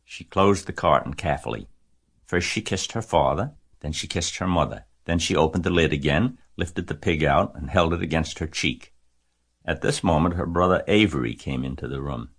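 A deep-voiced man reads a children's book aloud. His narration is measured and gentle, with an unhurried storytelling pace. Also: slightly rough. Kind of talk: audiobook reading of a children's novel.

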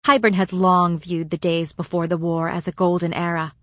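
A woman reads as a young fae noblewoman who speaks carefully and earnestly. Her voice lifts higher than the narration. The recording is dry and close. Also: little pitch movement, moderate pace, fairly bright tone, dry recording, natural voice. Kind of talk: audiobook character voice.

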